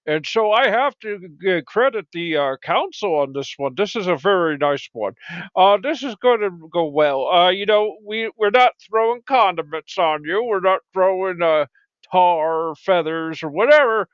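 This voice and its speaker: A man hosting a comedy show who rambles, stammers and jumps into high-pitched exclaims. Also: lively intonation, normal speed, clean tone, dry recording. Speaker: show host. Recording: dry, dull lo-fi mic.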